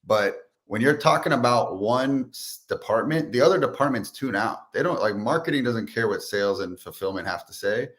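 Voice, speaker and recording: A man's voice: medium pitch, moderate pace, hardly any pauses. A man who is a guest on a podcast, telling business stories in casual chat and acting out quotes as he goes. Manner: animated storyteller, acts out quotes. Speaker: guest, sales expert and entrepreneur.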